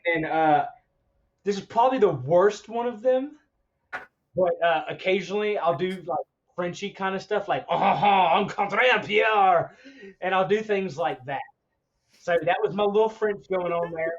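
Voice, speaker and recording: A man's voice: high-pitched, moderate pace, dull audio. A man co-hosting a podcast in casual chat, rambling and laughing between stories. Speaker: podcast co-host.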